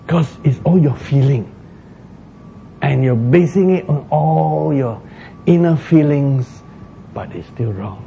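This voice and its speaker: A man preaching a sermon, slow and emphatic, acting out laments dramatically. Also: fairly high pitch, lively intonation, creaky, highs cut off, slight background noise. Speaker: pastor.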